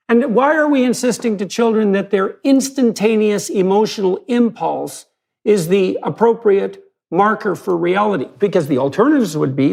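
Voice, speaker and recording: Gravelly high-pitched man, emphatic. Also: normal speed, a little mellow. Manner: emphatic and blunt, with vivid hypotheticals. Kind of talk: analytical lecture-style conversation.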